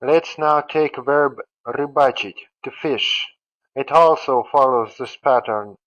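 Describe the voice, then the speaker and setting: A man's voice: medium pitch, slow, a bit bright, dull audio. A man teaching a grammar lesson, methodically saying each form and then its translation. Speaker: language teacher. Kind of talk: slow instructional explanation.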